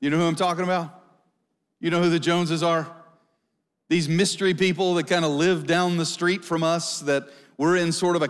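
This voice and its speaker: A male pastor preaching a conversational sermon, asking the congregation questions. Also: sits high. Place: church service hall. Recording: long hall reverb.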